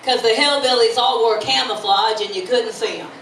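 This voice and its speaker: A woman from Florida, USA, with a fairly bright voice on the high side, does a live stand-up set at a moderate pace. Bubbly and teasing, she fires questions at the crowd. The venue sounds echoey and the mic is far off, picking up laughter and room noise.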